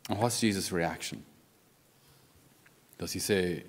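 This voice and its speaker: A man's voice: fairly low pitch, lively intonation, moderate pace, slight background noise. A man with an Irish accent, a Catholic priest giving a conversational homily with wry asides. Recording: long reverb of a large hall.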